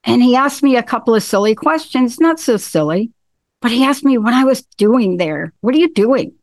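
A woman's voice: a little high, lively intonation, normal speed, no room sound. A woman hosting a talk show in casual chat, enthusiastic, often repeating and restarting her phrases. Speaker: show host.

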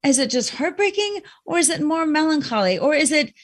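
A woman with a high, light voice speaks in a reflective, conversational way. She explains her points with lively emphasis. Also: fairly quick. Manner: reflective, animated with quoted voices. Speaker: guest speaking on emotions.

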